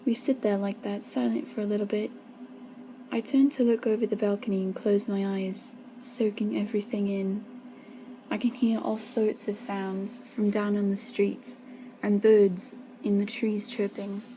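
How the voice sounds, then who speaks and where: Female student reader, soft and mellow, half-whispered storytelling. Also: mid-range voice, flat delivery, unhurried, slight background noise, rough recording. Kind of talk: reading a first-person romance story aloud.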